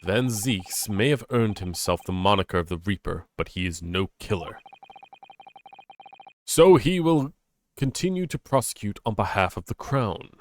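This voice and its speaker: A man reading the lines of a stern, formal older male lord in a game, measured and authoritative. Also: fairly low pitch, animated, a little hiss or hum, natural voice.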